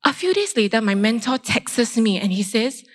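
A woman, a doctor giving a faith testimony and telling her story in a lively way, acting out her own reactions. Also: a little high, normal speed. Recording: long reverb in a large hall.

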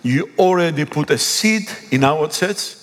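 Animated Greek-accented pastor preaching. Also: male voice, a little high, a little slow. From Greece. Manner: animated, emphatic, acts out dialogue. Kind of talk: sermon storytelling. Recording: echoey hall.

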